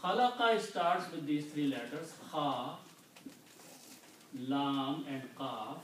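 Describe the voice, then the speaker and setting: A man teaching Quranic Arabic vocabulary, explaining each word slowly and patiently, often checking in with "Okay?". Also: a little high. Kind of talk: slow explanatory lesson. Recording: echoey room, mic at a distance, faint noise.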